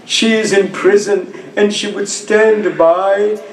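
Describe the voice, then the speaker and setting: A man's voice: sits high, fairly even intonation, slow pace, echoey room, poor audio. A man delivering an emotional mourning sermon, recounting with grief and crying out in sorrow. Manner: grief-laden recitation, cries out names. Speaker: speaker at a mourning gathering. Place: mosque hall.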